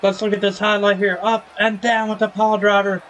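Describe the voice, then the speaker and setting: Male streamer, casual play-by-play caller, slightly raised pitch, light background noise. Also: little pitch movement, a little fast, fairly bright tone. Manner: casual, hypes viewers with slang. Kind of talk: play-by-play game commentary.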